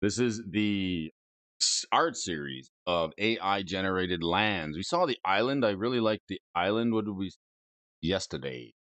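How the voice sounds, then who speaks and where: A man's voice: low-pitched, lively intonation, moderate pace, a bit bright, no room sound. A man hosting a casual stream, rating game cards aloud with playful, goofy asides and silly wordplay. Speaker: host. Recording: dry, dull lo-fi mic.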